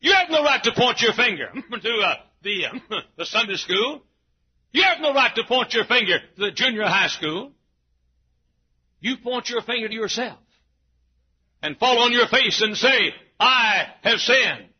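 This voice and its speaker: A man preaching an emphatic sermon in a church, often shouting. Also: very high voice, expressive, moderate pace, long pauses. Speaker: pastor. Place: church sanctuary. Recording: dull, husky lo-fi church recording.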